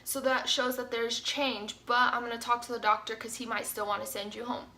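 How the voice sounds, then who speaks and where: A young woman tells a story to her viewers in a loose, chatty way, full of "like" and "you guys." Her voice sits a little high and sounds bright and forward. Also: fairly quick. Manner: chatty, animated, says "like" often. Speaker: vlogger. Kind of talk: casual storytime.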